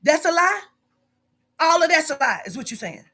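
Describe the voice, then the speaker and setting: A woman's voice: high voice, big pitch swings, normal speed, bright, forceful tone. A woman who runs a psychic reading business, confronting a staff member in a profane, emphatic monologue full of repetition.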